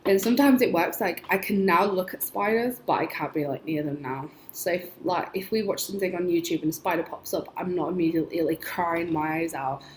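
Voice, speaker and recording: A woman's voice: on the low side, brisk, hardly any pauses. A young woman vlogging, telling her dreams in a rambling, chatty way full of "like" and little laughs. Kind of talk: casual storytelling. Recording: echoey room with faint noise.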